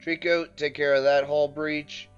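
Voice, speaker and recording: A man's voice: on the high side, unhurried, clean tone. A man casually commenting on his game as he plays, joking and bursting out in frustration. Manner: excitable, jokey, outbursts of frustration. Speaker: let's play host. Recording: muffled with faint background music.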